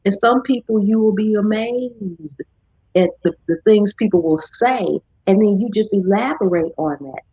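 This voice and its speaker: Woman host, husky and low, chatty live-stream talker, dull dry audio. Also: normal speed, dry recording. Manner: chatty, animated when quoting others. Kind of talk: casual chat.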